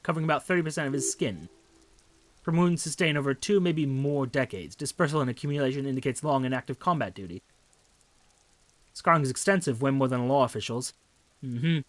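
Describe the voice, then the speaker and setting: A man's voice: medium pitch, no echo. Man reading game text aloud. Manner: casual, wry asides while reading. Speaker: game streamer.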